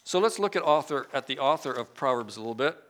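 A man preaching a sermon and reading scripture aloud. He swings between loud, emphatic lines and hushed, quiet asides. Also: medium pitch, expressive, fast.

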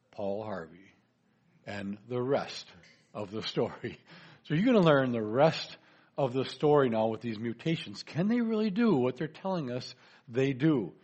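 A man's voice: medium pitch, expressive, moderate pace, darkish tone, lo-fi sound. A man giving a chatty presentation lecture, joking with his audience. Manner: chatty, folksy, jokes to the audience.

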